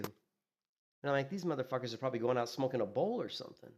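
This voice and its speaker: A man streaming a game, chatting casually and telling animated stories, acting out what others said and filling in with "you know" and "like". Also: mid-range voice, quick pace. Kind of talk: casual gaming stream chat.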